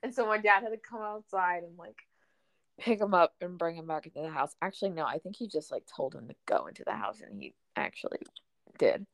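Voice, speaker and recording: A young woman with a lowish voice chats casually and spins a story at an easy pace. She leans on fillers like "um" and "like" as she goes. The sound is close and dry, with no room around it. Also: brisk, no room sound. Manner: relaxed storytelling, many fillers. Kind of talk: casual chat.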